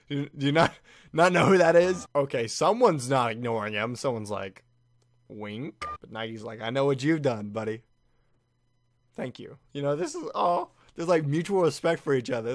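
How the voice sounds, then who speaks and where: A young man with a slightly gravelly voice reacts to an anime in casual commentary, excited and often laughing as he quickly imitates the characters. He is recorded close to the mic in a small, dry room with no echo. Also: medium pitch.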